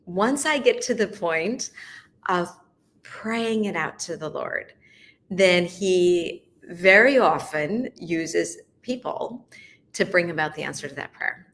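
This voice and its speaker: A middle-aged woman hosting a faith series, sharing a personal testimony in soft, halting, emotional bursts. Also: on the low side, slight background noise. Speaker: host of a faith video series. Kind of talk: personal testimony, heartfelt talk.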